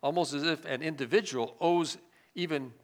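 Reading scripture during his sermon, this fairly high-pitched man speaks at normal speed. He alternates between loud emphasis and quiet, hushed asides.

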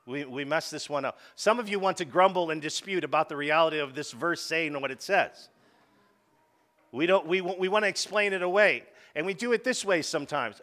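A man's voice: medium pitch, normal speed, fairly bright tone. A man preaching a sermon, leading the congregation in call-and-response. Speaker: pastor.

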